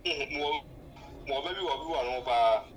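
A man's voice: on the high side, normal speed, slight background noise, rough recording. Hesitant man calling in.

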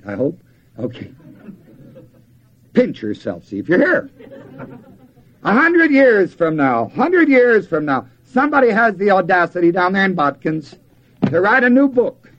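An older preacher with a slightly high, husky voice. He talks in a folksy, questioning way, putting questions to his listeners and answering them. The sound is dull and lo-fi, like an old tape recording. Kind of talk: sermon.

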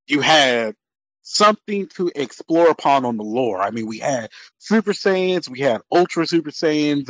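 A man chatting casually on a podcast panel, animated and rambling, quick to laugh. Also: mid-range voice, no echo, poor audio. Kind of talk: casual group chat ranking cartoon characters.

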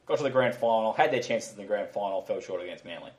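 Fast-talking sports podcast host. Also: male voice, lowish voice. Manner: chatty, jokey, rambling. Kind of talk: casual sports chat.

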